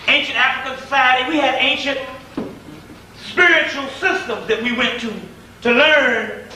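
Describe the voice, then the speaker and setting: A man's voice: very high-pitched, normal speed, bright, forceful tone. Man, informal lecturer, rambling and repetitive, heard from a distance. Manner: rambling, repetitive, with many "um"s and restarts. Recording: echoey room from far off, faint noise.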